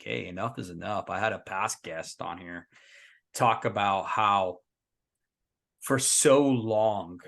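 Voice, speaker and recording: A man hosting a casual podcast with a gravelly, fry-edged voice pitched a little low. He talks earnestly and with emphasis, building his points through stories. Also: fairly bright tone. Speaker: podcast host.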